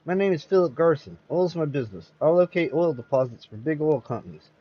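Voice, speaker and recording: A man's voice: a little high, animated, brisk, highs cut off, voice pushed up. A man putting on a slick oily con man. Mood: smooth, ingratiating. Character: smooth-talking male con man posing as oil locator.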